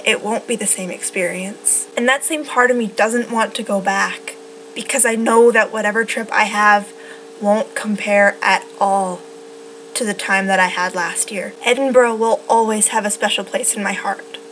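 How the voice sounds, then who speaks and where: A young woman in her late teens tells a personal story to the camera in an animated, emotional way. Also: mid-range voice, moderate pace, a little hiss or hum, poor audio. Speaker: vlogger.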